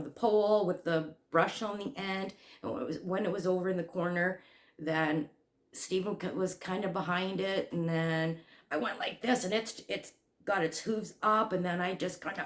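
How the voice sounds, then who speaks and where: A woman with a somewhat low voice, telling a story at an unhurried pace for her crochet channel. She rambles and restarts, filling gaps with ums and uhs. The room around her is echoey. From Canada. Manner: rambling, animated retelling with many fillers and restarts. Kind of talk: casual storytelling vlog.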